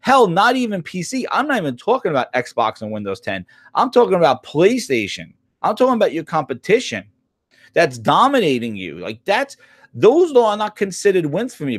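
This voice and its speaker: A man's voice: on the high side, no room sound. A man hosting a casual gaming talk show, his voice swinging up and down as he rants. He swears freely and restarts his sentences. The recording is dry and close. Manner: animated, swearing, rambling with restarts. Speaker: gaming channel host. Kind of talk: casual opinion rant.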